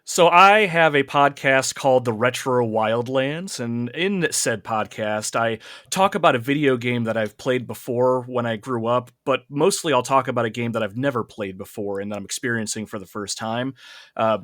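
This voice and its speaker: A man's voice: mid-range voice, moderate pace, fairly bright tone, no echo, clean studio sound. A man guesting on a casual podcast, talking in an upbeat way and joking at his own expense. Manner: upbeat, self-deprecating joker.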